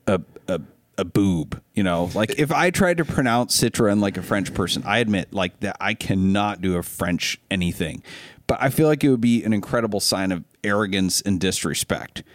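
Here the podcast co-host, a middle-aged man from Ohio, speaks on the low side at a steady moderate pace. The studio-quality recording is dry, and his casual chat is full of lively stories poking fun at himself.

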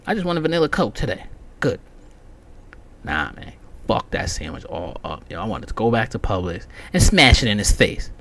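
Profane man ranting with lively pitch. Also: normal speed. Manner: profane, heated storytelling. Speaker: podcast host. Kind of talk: casual solo podcast rant.

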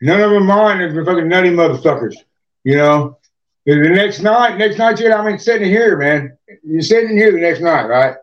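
Foul-mouthed guy rambling his stories, kinda high voice, muffled lo-fi sound from across the room. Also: lively intonation, moderate pace. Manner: profane, rambling, repeats himself. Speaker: podcast guest. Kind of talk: rowdy casual storytelling. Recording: distant, dull lo-fi mic.

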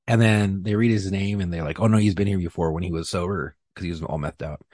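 A man, a police officer, telling a story in casual podcast talk, profane and animated, acting out what people said. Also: low-pitched, fast talker, few pauses, no echo, clean studio sound. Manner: profane, animated, acts out quotes.

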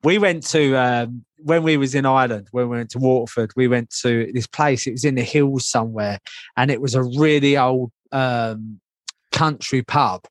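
An easygoing man co-hosts a casual podcast chat, agreeing readily and laughing along. His mid-pitched voice sounds close and dry, with no room around it. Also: fairly even intonation, normal speed, no room sound. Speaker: podcast co-host.

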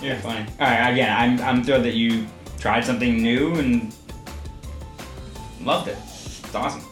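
A man, a father hosting a casual podcast chat, gently asking questions and encouraging his daughter. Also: mid-range voice, fairly even intonation, normal speed, soft background music. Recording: roomy echo, faint background hum.

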